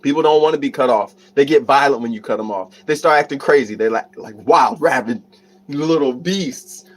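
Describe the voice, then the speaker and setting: Upbeat motivational man streaming live. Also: a little high. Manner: reads viewer comments aloud and laughs often; motivational, many fillers and restarts. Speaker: livestream host, self-help talk. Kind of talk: casual livestream chat.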